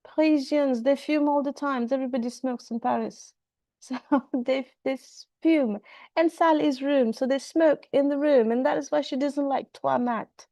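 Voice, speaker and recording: A woman's voice: high-pitched, steady tone, normal speed, dark tone, no echo. A woman teaching French in an online class over a video call, repeating phrases and switching between French and English.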